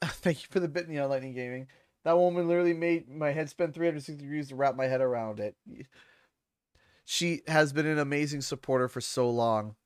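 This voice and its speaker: A man's voice: fairly high pitch, a little fast, clean tone, dry recording. A man from Canada with a Canadian accent, chatting casually on a game livestream, laughing often and thanking donors by name. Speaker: streamer.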